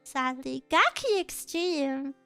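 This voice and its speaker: A woman with a very high, light voice chats casually on a stream, giggling often as she tells playful, teasing stories. Soft music plays faintly behind her. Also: animated, slow, vocal fry, no room sound. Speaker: VTuber streamer. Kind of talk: casual chat.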